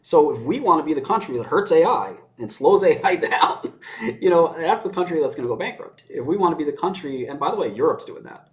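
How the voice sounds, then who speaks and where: A man's voice: a little high, animated, a little fast. A man giving his views in casual conversation, blunt and sardonic, often laughing as he mocks. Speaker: commentator. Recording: roomy echo.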